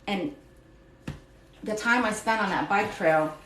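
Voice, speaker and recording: A woman's voice: medium pitch, slow pace, background noise. A woman hosting a live stream, talking through a personal testimony in an emotional, confessional way that wanders off track. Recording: roomy echo, slightly distant mic.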